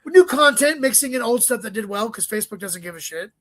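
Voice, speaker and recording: A man with a high, bright voice talks as a comedian guest in a casual interview, tossing off profane stories and asides. The sound is dry and close, with almost no room around him. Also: expressive, no echo. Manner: profane, rapid storytelling with joking asides.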